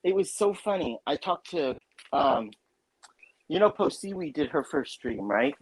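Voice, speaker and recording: A man's voice: a little high, lively intonation, a little slow, slightly rough. A man hosting a casual livestream chat, telling a story in a rambling way with many restarts. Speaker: stream host.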